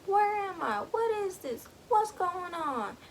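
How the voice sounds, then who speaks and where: A woman's voice: extremely high pitch, very animated, slow pace, slight background noise, pitched above the performer's own voice, exaggerated voice. A woman voicing a frightened young boy who is half animal, firing off panicked questions.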